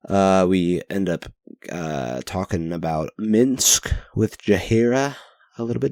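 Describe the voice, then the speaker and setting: Low-voiced, slightly mellow and animated, this young podcast host speaks at normal speed in a rambling, self-deprecating journal-style show, cursing offhandedly. The headset mic with pop filter captures clean studio audio without echo.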